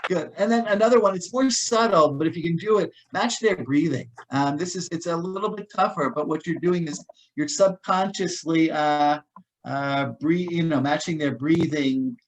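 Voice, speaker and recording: A man's voice: fairly high pitch, normal speed, a little hiss or hum, low-quality recording. Casual man teaching conflict de-escalation. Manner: casual, many fillers and restarts. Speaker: guest speaker on personal safety. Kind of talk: informal talk.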